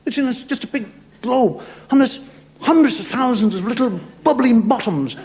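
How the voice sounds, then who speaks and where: A man's voice: very high voice, animated, normal speed. A middle-aged man doing a stand-up comedy monologue on a TV stage, telling wry stories with bursts of mock outrage. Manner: wry storytelling with mock outrage, acts out voices. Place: TV studio stage before a live audience. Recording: noisy live TV recording with loud crowd. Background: audience laughter.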